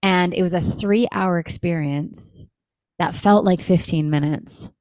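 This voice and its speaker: Woman in her 30s, deep for a woman, lively storyteller, dry close mic, podcast guest. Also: unhurried, no room sound. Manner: animated, acts out quoted dialogue, frequent "like". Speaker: guest, breathwork company founder. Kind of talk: conversational storytelling.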